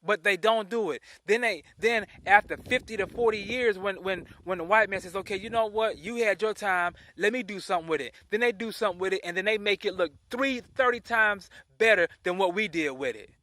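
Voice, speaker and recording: A man's voice: high-pitched, brisk, few pauses, bright, forceful tone, no echo. A man ranting his opinions in a vlog, indignant and repeating himself as he restarts phrases. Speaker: vlogger. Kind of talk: opinion rant to camera.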